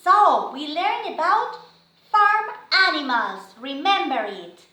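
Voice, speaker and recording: A woman teaching a vocabulary lesson to young children. She speaks slowly and clearly, asks them to repeat words, and imitates animal sounds. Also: sits high, very animated, pushed and bright. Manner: slow, clearly spoken, prompting children to repeat.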